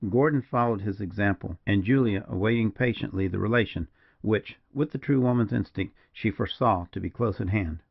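A man narrating an old western novel as an audiobook, in a measured storytelling manner. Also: fairly low pitch, vocal fry, slightly rough, dry recording. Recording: dull lo-fi dry recording.

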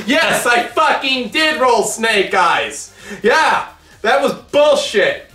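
A man's voice: high voice, slow pace, faint music behind. A man hosting a tabletop battle report, joking and swearing while he rolls dice. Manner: profane, joking, excitable. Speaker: tabletop game player and channel host. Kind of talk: casual battle report banter. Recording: echoey room.

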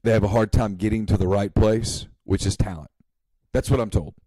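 A man's voice: on the low side, fairly even intonation, brisk, mellow, no echo, low-quality recording. A man co-hosting a casual sports talk show, acting out little scenes in quoted voices.

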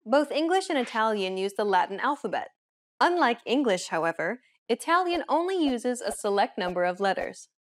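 A woman hosting a beginner language lesson, giving clear, steady scripted explanations. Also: a little high, normal speed.

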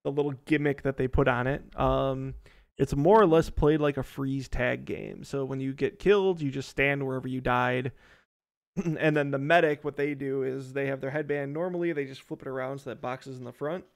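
A man's voice: mid-range voice, steady tone, normal speed, gravelly. A man hosting a casual chat on a video call, explaining things in a loose, rambling way. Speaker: host.

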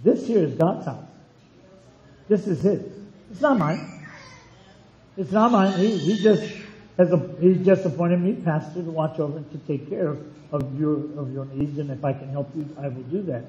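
A man's voice: fairly high pitch, normal speed, dark tone, roomy sound, lo-fi sound, slight background noise. A man preaching a sermon as pastor in his church, emphatic and repeating phrases for weight.

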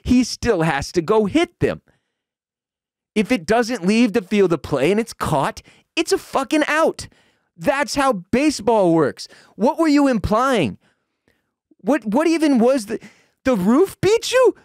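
A man hosting a sports podcast, ranting in a profane, heated way with shouted peaks, then dropping to a low, weary tone. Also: measured pace, no room sound, clean studio sound. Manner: drops to low, weary tone when calming down. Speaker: podcast host. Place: home room with dogs.

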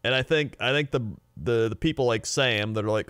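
A man's voice: medium pitch, fairly quick, fairly bright tone, clean tone, dry recording, studio quality. A man hosting a live stream, chatting casually while reacting to a video, telling stories and swearing freely. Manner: chatty, swearing, tells anecdotes. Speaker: streamer host.

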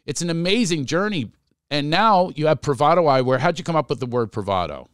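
A middle-aged Philadelphian with the city's accent hosts a podcast, chatting casually with a guest in a jokey, playful manner and slipping into comic voices. His voice is a little high, expressive, fairly quick, smooth and fairly bright, captured in a dry, studio-quality recording.

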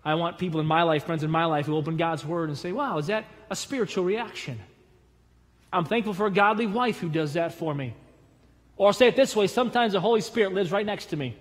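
A man preaching from the pulpit with a fairly high voice that climbs into emphatic, almost shouted calls and then sinks quiet. He acts out the people in his stories. A long church reverb trails every phrase. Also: fairly quick. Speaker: pastor. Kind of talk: sermon. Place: church sanctuary.

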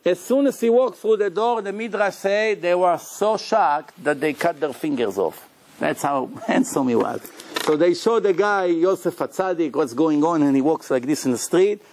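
High-voiced animated male storyteller. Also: normal speed, no echo. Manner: animated, chuckles often, acts out quotes. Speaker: religious storyteller. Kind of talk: sermon storytelling.

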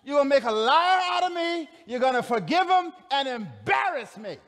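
A man voicing a petulant, self-pitying grown man who complains loudly to God. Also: extremely high pitch, sing-song, moderate pace, pitched above the performer's own voice, exaggerated voice. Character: whining, sulking grown man prophet Jonah. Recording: long reverb of a large hall.

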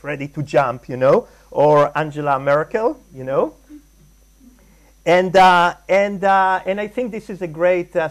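A man from Israel lecturing at a conference, hesitant, with many ums and restarts. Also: fairly high pitch. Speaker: guest lecturer, artist. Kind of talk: conference talk on caricature. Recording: live lecture hall talk.

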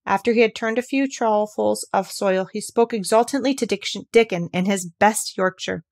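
A woman reads a classic children's novel aloud in steady, clear narration. Her voice sits at an ordinary middle pitch. The recording is dry and close. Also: normal speed, no echo. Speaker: audiobook reader. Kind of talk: scripted narration.

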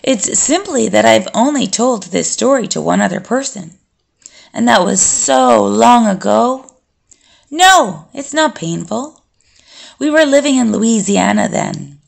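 A woman reading an audiobook, voicing a calm, brooding male vampire who speaks in a measured, collected and reflective way. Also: fairly high pitch, gravelly, voice pushed up, heavily acted.

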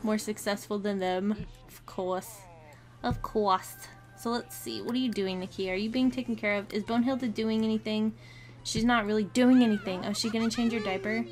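A woman's voice: medium pitch, steady tone, fast talker, darkish tone. A young woman giving a chatty, giggly commentary on a life-simulation game, often talking to her characters. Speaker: gameplay commentator. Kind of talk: casual let's-play commentary. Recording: faint game music behind.

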